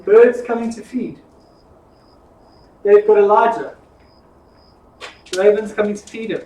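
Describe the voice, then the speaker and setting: A man teaching an informal Bible study, telling the stories in a lively, jokey way. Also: high voice, a little slow, slight background noise. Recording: echoey room from far off.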